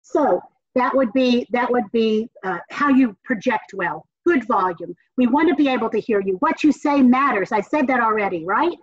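Southern American woman, professor type, bright-leaning higher voice, energetic and encouraging; dull, dry lo-fi sound. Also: moderate pace, slightly rough, dry recording. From Southern United States. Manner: energetic, encouraging, emphatic repetition. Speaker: communications professor. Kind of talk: classroom lecture.

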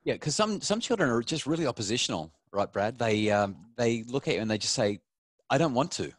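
A man's voice: medium pitch, expressive, fairly quick, dry recording. A man speaking as a parenting expert on a video call, earnest and explanatory, telling stories about his own family. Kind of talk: webinar talk on a video call. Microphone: video call microphone.

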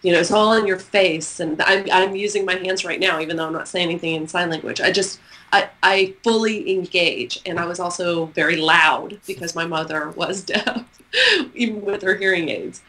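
Bright, lively woman from Texas. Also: lowish voice, normal speed, low-quality recording. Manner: lively, expressive, laughs often. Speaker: guest author. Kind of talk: storytelling interview.

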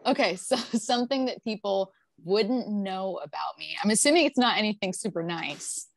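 A woman's voice: medium pitch, expressive, moderate pace, vocal fry. A woman who co-hosts a radio show, guesting on a podcast, giggly and rambling in casual chat.

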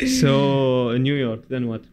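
A man hosting a casual podcast interview, giving short prompts and steady affirmations. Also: medium pitch, slow, a little hiss or hum. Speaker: podcast host.

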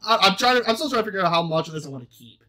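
Guy hosting a chill group podcast, laughs a lot, teases his friends, pretty bright voice. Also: sits high, very fast. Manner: laughing, teasing, excitable. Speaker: podcast host. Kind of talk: casual group chat.

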